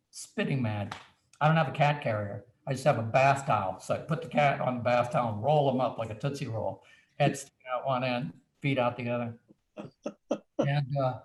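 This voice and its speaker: A man telling an animated story as a guest author, acting out little quoted asides as he goes. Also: mid-range voice, reverberant. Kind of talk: anecdotal storytelling on a video chat.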